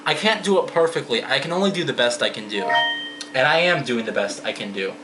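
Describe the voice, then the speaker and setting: A man's voice: mid-range voice, quick pace, background noise. A man talking candidly in a casual vlog, rambling and reading out viewer comments. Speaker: vlogger.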